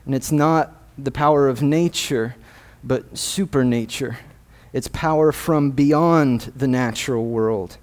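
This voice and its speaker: Male guest preacher, unhurried delivery, mellow voice, earnest scripture reading. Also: mid-range voice. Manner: earnest, measured, reads scripture aloud. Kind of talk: sermon. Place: church sanctuary.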